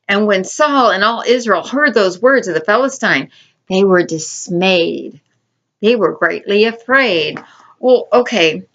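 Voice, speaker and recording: A woman's voice: mid-range voice, fairly bright tone, muffled recording. A woman teaching a Bible lesson for children in an informal way, often repeating and restarting her words.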